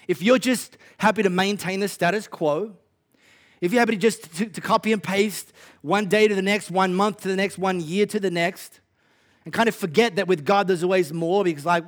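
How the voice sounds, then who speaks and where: A man with an Australian accent preaching a sermon in a conversational, punchy way with wry humor. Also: high voice. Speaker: pastor.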